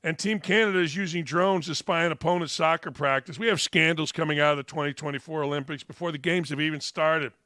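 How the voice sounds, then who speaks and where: A middle-aged male sports talk host riffs with mocking sarcasm, breaking into loud shouted bursts. His voice sits high and bright. The studio sound is close and dry. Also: fast, hardly any pauses, no echo.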